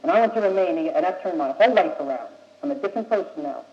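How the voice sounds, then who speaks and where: Young American man, high voice, blunt and insistent talker; old muffled tape in an echoey room. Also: expressive, racing. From United States. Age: young adult. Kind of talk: impassioned speech.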